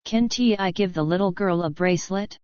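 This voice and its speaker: A woman's voice: lowish voice, moderate pace, darkish tone, no room sound, lo-fi sound, lightly acted. A woman reading a moody young prince. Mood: offhand. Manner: careless, cross, fearful. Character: moody young male prince, careless and brooding. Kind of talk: audiobook character reading.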